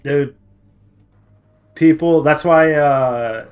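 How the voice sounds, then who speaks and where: A man who plays games, chatting casually in slangy, animated speech and swearing freely as he tells stories. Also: a little high, drawn-out words, smooth. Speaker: game player. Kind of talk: casual chat.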